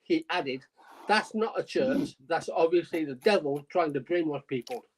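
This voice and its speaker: A man co-hosting a podcast, reading out a news story in a halting, amused way and restarting his sentences. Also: on the high side, poor audio. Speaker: podcast co-host.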